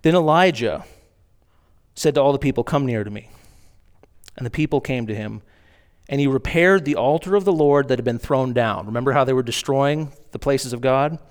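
A man's voice: mid-range voice, normal speed. A man preaching a sermon, reading scripture aloud and explaining it in asides, acting out mocking lines with rising emphasis.

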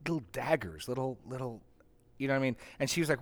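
A man's voice: mid-range voice, lively intonation, fast. A middle-aged man leading a Bible study as its pastor, conversational and full of restarts and asides while teaching a group.

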